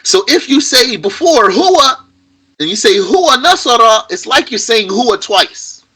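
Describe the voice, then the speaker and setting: A man's voice: very high voice, very animated, normal speed, sharp tone, slightly rough, low-quality recording. A man teaching an Arabic grammar lesson to a class, patient and repetitive, stressing key points emphatically.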